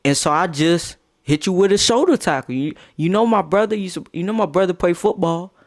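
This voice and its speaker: Excitable young man telling a crude story. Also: high-pitched, brisk. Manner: crude, excitable, acts out quotes. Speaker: live streamer telling a story. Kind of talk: animated storytime on a live stream. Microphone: phone.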